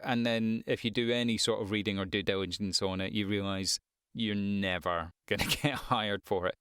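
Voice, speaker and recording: A man's voice: on the low side, steady tone, normal speed, fairly bright tone, smooth, no room sound, clean studio sound. A man who works as a voice-over actor and coach, giving frank, conversational advice with wry asides. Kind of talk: advice vlog to the camera.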